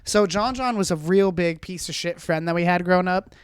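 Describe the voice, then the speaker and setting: A man's voice: high-pitched, fairly quick, smooth, dry recording, studio quality. A young man hosting a podcast, telling loose, profane stories in casual chat and laughing often. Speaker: podcast host.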